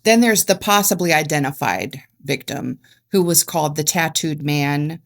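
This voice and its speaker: A woman with a very low voice reads true-crime case notes aloud on a podcast. She keeps it factual but stumbles and restarts on words now and then. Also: animated, normal speed, gravelly. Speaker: podcast co-host.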